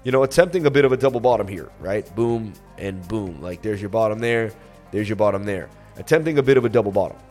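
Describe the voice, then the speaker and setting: Male livestream host, lowish voice, casual rambling delivery, faint background music. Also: quick pace. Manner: relaxed, rambling, many fillers. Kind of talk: casual livestream chat reading super chats. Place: on vacation in Florida.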